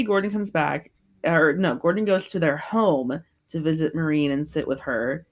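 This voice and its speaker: Chatty, laughing podcast host. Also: medium pitch. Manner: chatty and laughing, swears freely. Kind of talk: casual recap chat.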